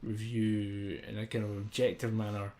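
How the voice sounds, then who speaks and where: A man's voice: lowish voice, little pitch movement, normal speed, darkish tone, slight background noise. A young man co-hosting a podcast in casual, sweary, joking chat. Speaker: podcast co-host.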